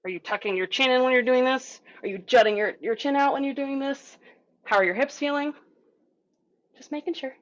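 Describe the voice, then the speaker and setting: A woman's voice: high-pitched, fairly quick. Encouraging female voice coach, lo-fi call. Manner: calm, encouraging, demonstrating vocal exercises and counting breaths. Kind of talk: online group voice lesson. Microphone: video call mic.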